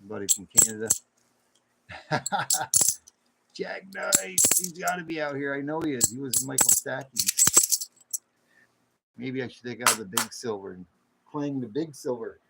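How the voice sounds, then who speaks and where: A man hosting a late-night livestream chat in a folksy way, greeting viewers with loud whoops. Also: medium pitch, normal speed, vocal fry, pauses often. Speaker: livestream host. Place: home studio with air conditioner running. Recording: faint air conditioner hum.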